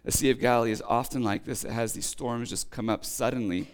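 Male preacher, mid-pitched, casual sermon delivery, slightly rough voice. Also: fairly even intonation, a little fast. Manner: casual and chatty, rereads scripture then explains with asides and quips. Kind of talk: conversational sermon.

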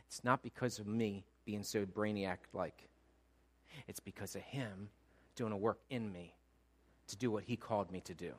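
Speaking at a normal pace with a fairly low pitch, a middle-aged man preaches as a pastor. His sermon alternates between forceful, loud passages and hushed storytelling about his own life.

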